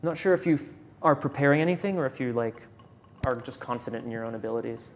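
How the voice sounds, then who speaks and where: A man's voice: medium pitch, fast talker, a little hiss or hum. A man narrating a tabletop game as game master, loose and often laughing.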